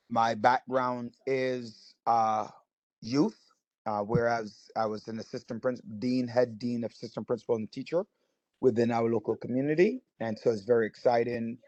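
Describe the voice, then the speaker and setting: A man's voice: mid-range voice, a little mellow, dry recording, muffled recording. A man chairing a community board, talking casually on a video call, hesitant with many fillers and good-humored. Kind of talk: casual meeting remarks. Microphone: video call mic.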